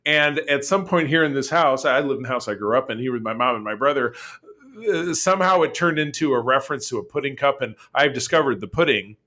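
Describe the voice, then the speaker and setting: A man co-hosting a casual podcast chat, animated, laughing often and trailing into restarts. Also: medium pitch, a little fast. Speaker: podcast co-host.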